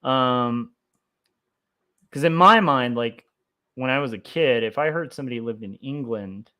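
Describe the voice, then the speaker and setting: A young man chatting casually on a livestream as he draws comics, rambling with lots of fillers and getting excited about history. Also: mid-range voice, measured pace. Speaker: comic artist streaming his drawing. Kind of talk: casual livestream chat while drawing.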